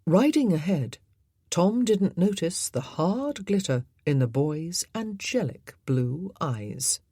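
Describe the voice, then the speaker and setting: Woman audiobook narrator, low and husky, expressive, dry close recording. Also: slow pace, dry recording.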